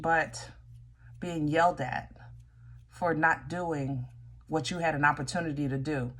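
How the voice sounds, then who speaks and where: A woman's voice: low-pitched, a bit bright. A woman giving a casual tarot reading, talking straight to her viewers in a chatty way, often stopping and restarting. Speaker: tarot reader.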